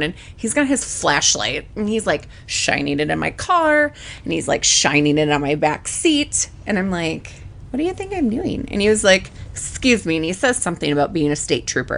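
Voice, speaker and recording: Animated woman telling a story. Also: fairly quick, gravelly. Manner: animated, acts out quotes with pitch jumps. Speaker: podcast co-host. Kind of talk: casual storytelling chat.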